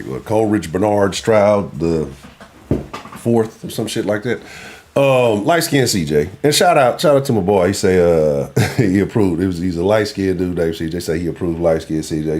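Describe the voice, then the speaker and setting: Man, sports talk host, very deep, lively intonation, profane, casual. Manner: profane, loose, grumbling.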